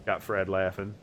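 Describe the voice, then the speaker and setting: A man streaming a co-op game, commentating live and chatting with viewers, who gets excitable and profane and yells at the boss. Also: sits low. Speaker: streamer playing co-op. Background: game music.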